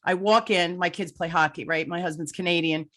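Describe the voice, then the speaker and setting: A woman's voice: fairly low pitch, steady tone, a little fast, fairly bright tone. A middle-aged woman hosting an interview podcast, telling an anecdote in a chatty, emphatic way. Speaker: podcast host. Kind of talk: conversational interview.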